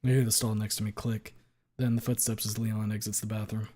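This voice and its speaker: A man streaming a visual novel, reading the narration aloud as a low, muttered inner monologue with some swearing. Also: little pitch movement, a little fast, darkish tone.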